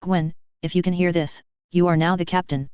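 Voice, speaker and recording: A woman voicing a cold, smug female ship AI that speaks calmly and condescendingly. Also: lowish voice, normal speed, smooth, no echo, natural voice. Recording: dry, slightly dull lo-fi recording.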